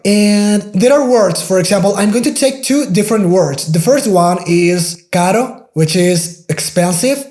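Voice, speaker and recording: A man's voice: high voice, a little mellow, echoey room. Spanish-accented man teaching pronunciation. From Spain. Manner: patient, demonstrating sounds slowly and repeating words. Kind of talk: pronunciation lesson.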